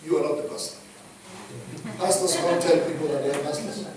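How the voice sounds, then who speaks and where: A Kenyan-accented male pastor preaches with a high, emphatic voice that swings between loud and hushed passages. He sounds set back from the microphone, and the church hall wraps every word in heavy echo. A faint background noise runs underneath. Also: steady tone, fairly quick. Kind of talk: sermon. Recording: echoey hall, distant mic, faint noise.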